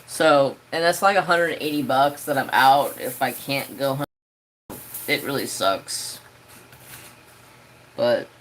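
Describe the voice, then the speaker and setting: Slow, rambling man chatting on a stream. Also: medium pitch, fairly bright tone, a little hiss or hum, poor audio. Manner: rambling, easygoing, with many fillers. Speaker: craft live-stream host. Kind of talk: casual live-stream chat.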